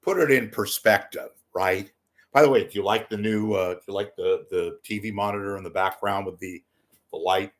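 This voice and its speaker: A man with a lowish voice speaks at a normal speed, filming commentary from a room at home with a TV monitor in the background. Jokey and digressive, he swears freely, drifts between asides and bursts into silly voices while facing the camera.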